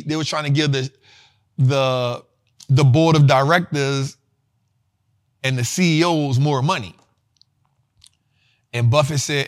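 A man's voice: fairly high pitch, bright, forceful tone. A man hosting a livestream about stocks, talking in loose slang and repeating himself as he urges viewers on. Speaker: host. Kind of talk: livestream finance talk.

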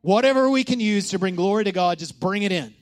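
High-pitched guy preaching, goes loud then quiet, keeps asking the crowd stuff. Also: fast. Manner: animated, swings from loud calls to hushed lines, asks the crowd questions. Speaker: pastor. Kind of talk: sermon.

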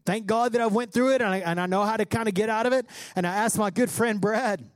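A male pastor preaching a sermon with passion, climbing toward shouts as he quotes scripture. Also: high voice, fast, dry recording. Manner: impassioned preaching, rising to near-shouts when quoting scripture.

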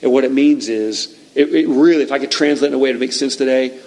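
A man preaching a sermon, retelling a scripture story in an animated, conversational way with frequent restarts. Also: mid-range voice, fast talker, low-quality recording.

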